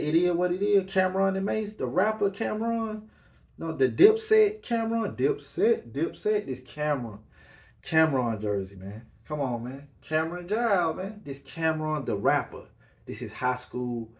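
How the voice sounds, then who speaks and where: Guy doing a solo podcast, aave, loose and hyped, keeps saying man, medium voice. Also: mid-range voice. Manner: loose, animated, repeats "man" and "you know what I'm saying". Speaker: podcast host. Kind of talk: casual solo podcast talk.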